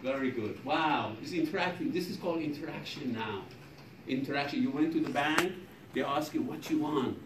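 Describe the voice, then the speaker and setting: A man's voice: a little high, moderate pace. A man lecturing a programming class in a non-native English accent, joking with students in broken English. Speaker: programming professor. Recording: echoey classroom from far off with noise.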